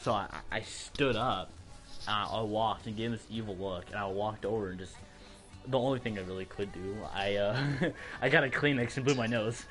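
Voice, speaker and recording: A man's voice: lowish voice, normal speed, a bit bright, soft background music. A teenage boy hosting a podcast, telling school stories in casual chat and acting out the voices of the people in them. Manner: storytelling, acts out quoted voices, laughs often. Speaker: podcast host.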